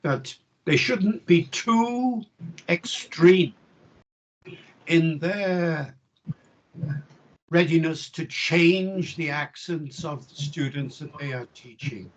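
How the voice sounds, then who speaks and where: An older man, a linguistics professor, answering interview questions in a measured, reflective and emphatic way over a video call. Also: fairly high pitch, dull audio.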